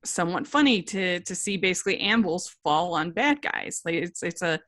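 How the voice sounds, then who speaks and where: A woman's voice: on the low side, expressive, normal speed, a bit bright, no echo, clean studio sound. A woman hosting a review podcast in casual chat, talking through her points with frequent restarts. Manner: chatty, many restarts and "like" while reasoning out her critique.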